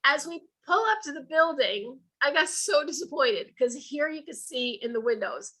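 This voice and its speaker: Woman speaker on a video call, bright and somewhat high voice, chatty folksy storyteller who acts out quotes. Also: expressive, moderate pace, low-quality recording. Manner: colloquial, folksy phrasing. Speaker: author and speaker. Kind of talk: storytelling talk to an online audience.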